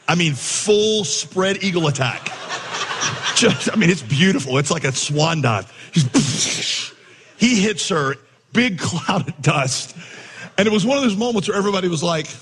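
A man, a pastor, telling a lively coaching story within a sermon, acting out the voices and laughing along. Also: high-pitched, a little slow, background noise. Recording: long hall reverb.

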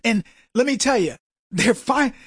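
A man hosting a talk radio show, delivering a mocking, animated monologue and acting out other people's voices. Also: extremely high pitch, unhurried, slightly rough, no echo, studio quality.

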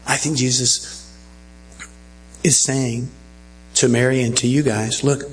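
A man's voice: medium pitch, steady tone, slow, slight background noise, poor audio. A male pastor preaching a sermon earnestly and checking in with his listeners.

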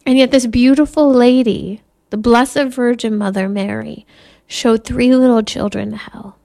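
A woman who is a Catholic speaker and mother, giving an earnest, measured spiritual talk and sometimes laughing softly. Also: fairly high pitch, fairly even intonation, vocal fry.

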